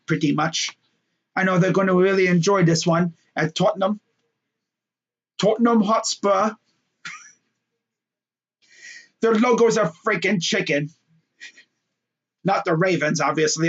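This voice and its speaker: A man's voice: high voice, moderate pace, pauses often, dull audio. A young man casually talking through his weekly football picks, joking and rambling with lots of fillers. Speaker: sports picks host. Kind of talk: casual solo sports talk.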